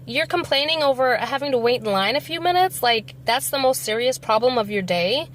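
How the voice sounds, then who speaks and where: A woman's voice: high-pitched, a little fast. Chatty woman telling a story from her car. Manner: chatty, rambling, animated retelling. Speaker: vlogger. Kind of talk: casual storytelling while driving. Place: inside a car. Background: faint car noise.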